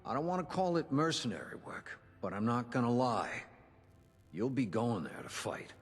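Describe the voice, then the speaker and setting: A man's voice: moderate pace, husky, in a large hall. An actor playing a weary male resistance leader in a video game, speaking in an earnest, plain way. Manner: earnest, plain-spoken, lively pitch. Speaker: game character.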